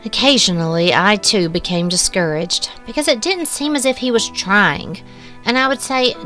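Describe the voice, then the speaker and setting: A woman narrates a short story in a measured, hushed, wistful tone, her voice pitched in a middle range. Soft music plays faintly underneath.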